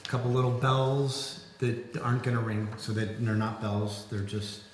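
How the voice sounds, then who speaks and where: A man's voice: medium pitch, fairly even intonation, normal speed. A man playing a tabletop game, rambling through his character's details with lots of ums and joking asides. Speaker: player. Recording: echoey room with faint noise.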